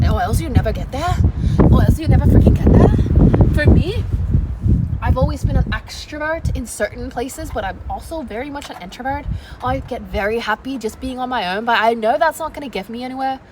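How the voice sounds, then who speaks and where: Energetic woman vlogging on a balcony. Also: a little high, fairly quick. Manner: energetic, playful, emphatic repetition. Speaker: YouTuber. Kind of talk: motivational vlog talk. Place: outdoor balcony. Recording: noisy outdoor ambience with traffic.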